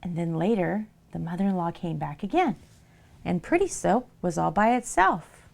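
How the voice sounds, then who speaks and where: A woman who makes soap, chatting casually on a livestream. She tells playful stories in an animated way, and her voice rises and falls a lot. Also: on the low side, normal speed, gravelly. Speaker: soap maker streaming live.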